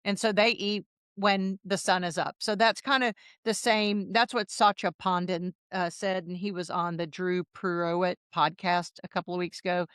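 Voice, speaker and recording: A woman in her fifties, a guest on an interview podcast, who tells her stories in a lively way and acts out the dialogue. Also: on the low side, moderate pace, smooth, no echo, clean studio sound. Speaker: podcast guest, health coach. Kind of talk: casual interview storytelling.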